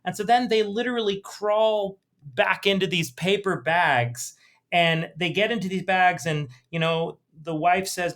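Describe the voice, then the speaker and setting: A man with a slightly high-pitched voice co-hosts a relaxed podcast conversation. He talks in a lively, animated way and breaks off now and then to read passages aloud from a book. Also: unhurried. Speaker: podcast co-host. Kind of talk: casual podcast chat about a comic book.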